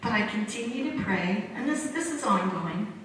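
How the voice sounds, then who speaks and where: A woman's voice: medium pitch, expressive, normal speed, a bit bright, slight background noise. A woman leading a church service, introducing the preacher in a chatty, easy-laughing way. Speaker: church leader introducing the speaker. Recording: roomy church hall, distant mic.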